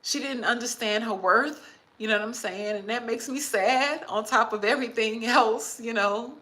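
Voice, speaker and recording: A woman's voice: fairly high pitch, normal speed, sharp tone, low-quality recording. A woman in her fifties talking heartfelt and emotional in a casual livestream, reading viewer comments aloud. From Texas. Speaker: vlogger.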